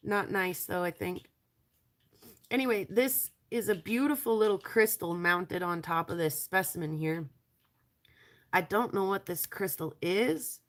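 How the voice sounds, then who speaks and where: Stuffy-nosed raspy woman, low-pitched. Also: measured pace. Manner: chatty, rambling, trails off with ums. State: stuffy nose, raspy from allergies. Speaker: lapidary showing rocks to viewers. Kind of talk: casual live-stream chat.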